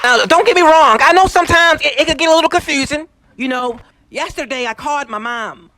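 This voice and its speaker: A man's voice: extremely high pitch, a little fast, pushed and bright. A man doing stand-up comedy with a puppet, laughing at his own jokes and putting on voices. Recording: noisy room with audience crowd.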